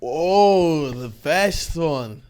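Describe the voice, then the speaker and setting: A man with an Irish accent, a podcast guest chatting casually and telling stories in an animated, slangy way with frequent laughter. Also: on the high side, very slow, clean tone.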